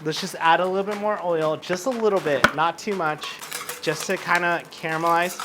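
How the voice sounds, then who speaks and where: A man's voice: a little high, steady tone, normal speed, very noisy. A drunk man hosting a casual cooking show, rambling, joking and swearing freely as he cooks in a home kitchen.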